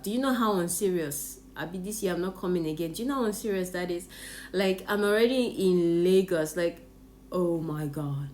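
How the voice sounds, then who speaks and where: A woman's voice: on the low side, slight background noise. A Nigerian woman with a Nigerian English accent, animatedly telling a personal story on her vlog with plenty of laughter. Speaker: vlogger. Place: Japan.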